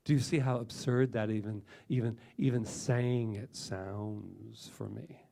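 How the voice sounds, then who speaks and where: A middle-aged man, a minister, giving an animated, emphatic sermon full of repetitions and asides. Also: lowish voice, unhurried, gravelly.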